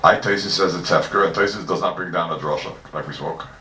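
A man teaching a Talmud class, animated and full of rhetorical questions, heard from a distance in an echoey room. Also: deep voice, fast, slight background noise. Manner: animated, rhetorical questions, Yeshivish mix of Hebrew and Yiddish terms. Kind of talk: Talmudic lecture. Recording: echoey room, distant mic, faint ambience.

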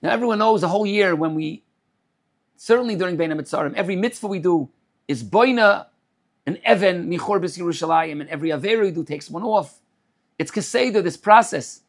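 A man giving a Torah sermon as a rabbi. He speaks in a measured way, repeats phrases and weaves in Hebrew terms. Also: sits high.

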